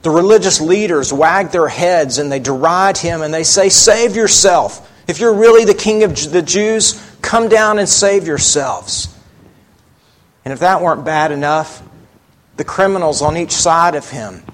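A man preaching a sermon, slow and emphatic, asking rhetorical questions of his listeners. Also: on the high side, a bit bright.

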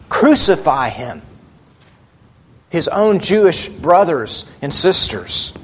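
A male preacher delivers a sermon at an unhurried, deliberate pace, leaning hard on key words. His voice sits somewhat high for a man, and he keeps putting rhetorical questions to his listeners. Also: fairly bright tone. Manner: slow and emphatic, with rhetorical questions.

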